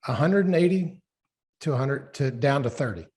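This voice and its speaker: A man's voice: medium pitch, animated, moderate pace, a little mellow. A man hosting a podcast, asking short, curious questions. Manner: curious, brief interjections. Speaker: podcast host. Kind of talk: interview questions.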